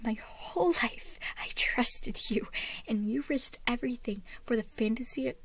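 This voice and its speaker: A woman voicing a defiant young woman scientist, half-whispered and slow, as she reads a fan story aloud. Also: fairly high pitch, fairly bright tone, husky, dry recording, voice pushed up, heavily acted. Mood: bitter.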